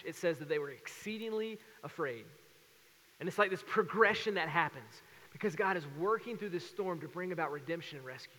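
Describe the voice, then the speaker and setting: A man in his thirties preaching a sermon as pastor, telling stories with lively acted-out voices. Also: sits high, big-room sound. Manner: animated storytelling with acted voices.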